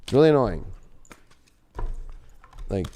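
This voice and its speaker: A man's voice: medium pitch, very animated, takes it slowly, dark tone. A man giving a live tarot reading from a studio, blunt and rambling, swearing often. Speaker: tarot reader.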